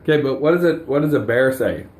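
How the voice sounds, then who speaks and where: A man's voice: mid-range voice, quick pace, a little mellow. A man playing animal-sound games with a toddler, asking sing-song questions and teasing her with a chuckle. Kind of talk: playful talk with a small child. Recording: echoey room with faint noise.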